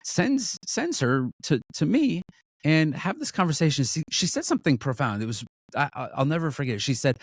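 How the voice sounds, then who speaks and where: Man, earnest, halting restarts, casual chat, dry close recording. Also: fairly high pitch, sing-song, no echo. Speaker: ministry co-leader.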